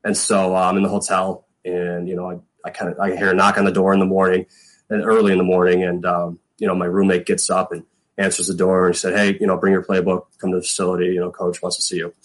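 A middle-aged former pro football punter tells stories in a casual interview, rambling with many fillers and acting out quotes. His deep voice is monotone and fast, and the recording quality is low.

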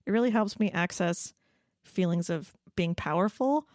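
A woman in casual podcast chat, animated, laughing often and acting out quoted voices. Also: on the low side, normal speed, dry recording, clean studio sound.

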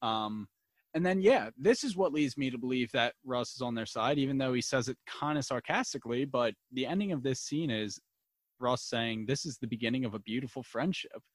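A man's voice: medium pitch, lively intonation, normal speed, no room sound. A man co-hosting a casual podcast, enthusiastically recapping and discussing a TV episode with friends. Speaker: podcast co-host.

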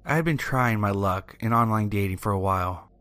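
A man narrating a first-person horror story in a steady, even storytelling manner. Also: on the low side, a little fast, no room sound. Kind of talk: scripted narration. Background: faint music.

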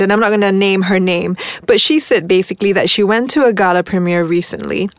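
A woman's voice: medium pitch, no echo. A woman co-hosting a casual chat, acting out remarks she has heard. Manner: animated, acts out quoted remarks. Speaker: co-host.

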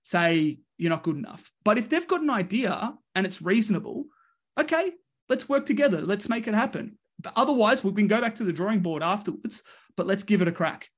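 Australian male wrestling coach, high voice, lively storyteller who does the voices. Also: fairly quick. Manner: lively, voices the people in his stories. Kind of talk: animated storytelling.

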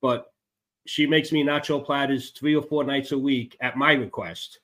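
A man's voice: mid-range voice, steady tone, normal speed, a bit bright. Older Chicago-accented man, radio guest, matter-of-fact. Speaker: guest, motorcyclist advocacy director. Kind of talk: casual interview.

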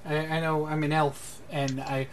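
A man's voice: a little high, level tone, a little hiss or hum, close to an everyday voice. A man voicing a sorrowful male elf who sighs and stumbles over his words. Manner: halting, sighing, hesitant. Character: sad male elf, devoted husband.

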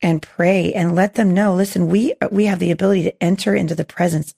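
A woman hosting a faith podcast, hoarse with a gravelly voice, earnest and encouraging with many restarts. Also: fairly low pitch, fairly even intonation, fairly quick, warm tone. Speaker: podcast host.

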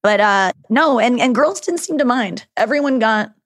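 A woman's voice: a little high, lively intonation, moderate pace, no echo, studio quality. A woman in casual podcast chat, telling candid, rambling stories with lots of "like" and some swearing. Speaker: guest, show host.

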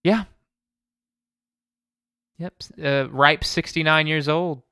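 A man co-hosting a podcast in casual chat, his voice bright and crisp. He rambles and restarts his sentences often, and the sound is dry and close. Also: a little high, fairly even intonation, takes it slowly, no echo. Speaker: podcast co-host.

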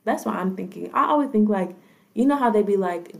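A woman's voice: mid-range voice, expressive, fairly quick, creaky. A woman chatting casually, blunt and profane, often hedging her opinions. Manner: blunt, profane, hedges with "I don't know". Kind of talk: casual chat.

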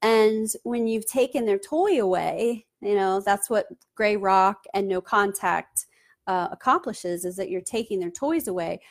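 A woman's voice: medium pitch, moderate pace. Earnest woman giving casual advice. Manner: conversational, frequent fillers and restarts, earnest. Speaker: channel host giving advice. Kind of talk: casual advice talk to camera.

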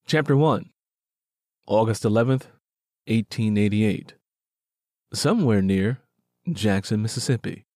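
A man reading a novel aloud in measured, descriptive narration. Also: on the low side, darkish tone, no room sound, studio quality. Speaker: audiobook narrator. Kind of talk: scripted narration.

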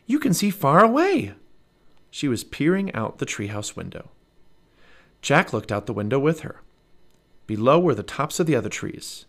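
A man in his thirties reading a children's book aloud as a podcast storyteller, expressive and animated. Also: medium pitch, moderate pace, pauses often.

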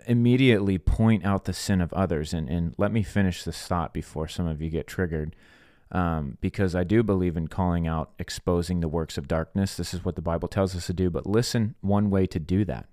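A man's voice: sits low, a little fast, dark tone, no echo, clean studio sound. A man hosting a faith podcast, preaching earnestly in plain words and acting out conversations. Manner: earnest, plain-spoken, acts out quoted dialogue. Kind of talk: sermon-style podcast teaching.

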